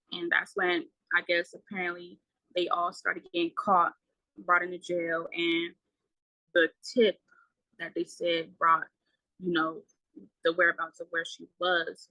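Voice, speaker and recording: Bright-voiced woman recounting a loss. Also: fairly low pitch, no room sound, rough recording. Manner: halting, many fillers, quiet trailing words. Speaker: guest. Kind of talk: emotional personal account.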